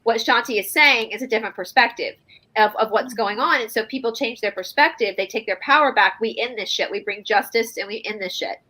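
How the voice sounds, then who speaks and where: A woman co-hosting a casual spiritual livestream, chatty and animated, joking and reading passages aloud. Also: a little high, fairly quick, rough recording. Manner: chatty, laughing, animated storyteller. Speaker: co-host.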